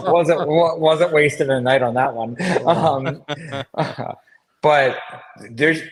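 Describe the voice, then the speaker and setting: A man in his thirties who co-hosts a casual sports chat show, telling stories about his playing days with lots of laughter. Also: mid-range voice. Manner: laughing storyteller, animated anecdotes. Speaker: co-host, former player.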